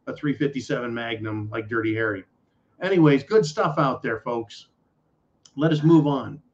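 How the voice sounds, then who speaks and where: Ranting male podcast host, lo-fi sound. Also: a little high. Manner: rambling, profane, sarcastic. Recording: dull lo-fi audio.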